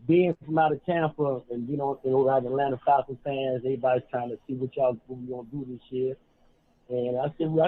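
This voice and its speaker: A man calling in to a podcast, talking in a laid-back, slangy street style. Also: medium pitch. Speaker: caller. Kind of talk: casual call-in chat. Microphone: phone call. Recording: tinny phone line.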